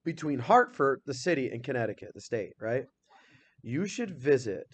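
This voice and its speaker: A male teacher with a mid-range, slightly rough voice runs a lively grammar class. He throws questions at the students one after another and reads out example sentences slowly.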